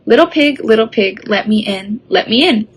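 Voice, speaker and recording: A woman's voice: a little high, expressive, normal speed, husky. A woman voicing a hungry, greedy male wolf from a storybook, with sing-song menacing demands.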